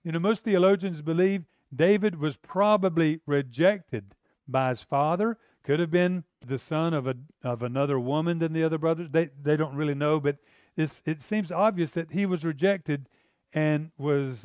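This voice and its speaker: A man's voice: fairly high pitch, normal speed, darkish tone, no room sound, studio quality. A middle-aged man preaching a sermon in an earnest, conversational way, often repeating words as he goes.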